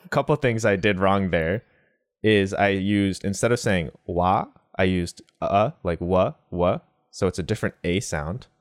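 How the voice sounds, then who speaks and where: Guy with a really low voice walking thru pronunciation, easygoing teacher vibe, dry sound. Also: dry recording. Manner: explains slowly with examples, mixing in Japanese words. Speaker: language teacher. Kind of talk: casual language lesson.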